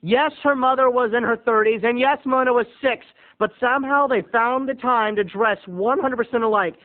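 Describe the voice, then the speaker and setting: A man hosting a video blog, telling a comic story with theatrical swings between booming and hushed. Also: moderate pace. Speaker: vlog host. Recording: tinny phone-like audio.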